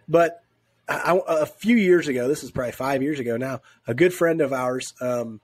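A man with a medium-pitched voice speaks at a moderate pace in a dry recording. He's co-hosting a casual sports podcast from home while sick and congested, laughing often and rambling into asides in a laid-back way.

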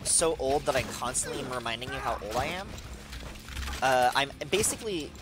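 A man in his thirties talks over a video game while stoned, wandering from one tangent to the next and breaking into excited outbursts. His pitch swings widely as he talks. Game music plays clearly underneath. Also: normal speed. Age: 30s. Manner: rambling, digressive, with excited outbursts. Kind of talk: casual gameplay commentary.

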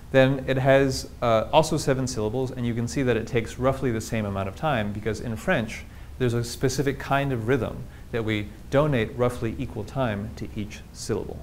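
A man of middling pitch gives a public talk on language, walking listeners through his slides and asking them questions as he goes. His delivery is engaged and explanatory. A faint low rumble sits behind the recording. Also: a little mellow. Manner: explanatory, engaged, asks the audience rhetorical questions. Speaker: linguistics lecturer.

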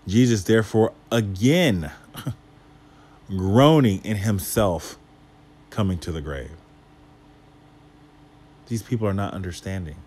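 Low-voiced man teaching from scripture. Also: darkish tone. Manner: reads scripture aloud then explains it with rhetorical questions; casual asides to the listeners. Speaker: Bible teacher. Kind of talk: Bible study teaching.

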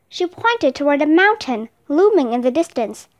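A woman reading a children's chapter book aloud, with clear, steady storytelling. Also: high-pitched, normal speed. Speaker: reader.

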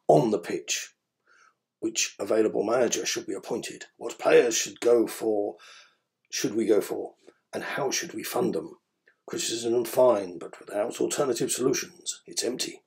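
A man's voice: on the low side, measured pace, darkish tone. A man reading out a pushy male blog commenter's questions in the commenter's rising, questioning intonation. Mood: insistent.

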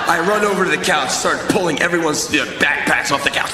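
A man performing live spoken word, telling stories in an intense, animated, profane way. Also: on the high side, fast, few pauses. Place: stage in a large venue. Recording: echoey live venue with crowd noise.

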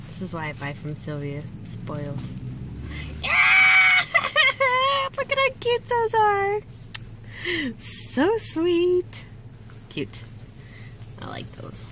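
Woman vlogger, unhurried and high-pitched, gushing unboxing chat over steady background noise. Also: raised voice. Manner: gushing, exclaiming, cooing. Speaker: vlogger unboxing reborn dolls.

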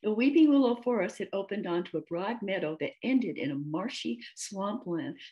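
A woman author reading her own storybook aloud, measured and gentle. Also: medium pitch, expressive, highs cut off. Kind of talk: storybook read-aloud narration.

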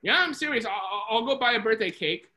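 An earnest traveling preacher who trips over his words and repeats himself, played by a storyteller in a near-natural voice. the tone is bright and forward. he sounds eager and sincere throughout. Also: mid-range voice, expressive, fast talker. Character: kindly traveling preacher, middle-aged man.

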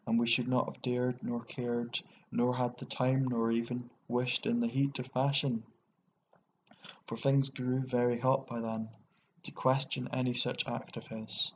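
A man with an Irish accent narrating a short story in a steady, even way. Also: medium pitch. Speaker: audiobook narrator. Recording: dull lo-fi recording with faint hiss.

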